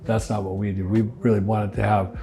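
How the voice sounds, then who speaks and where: An older man answering interview questions in a relaxed, rambling way, restarting phrases and chuckling often. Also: lowish voice, a little fast, faint music behind. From United States. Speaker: winery owner interviewee.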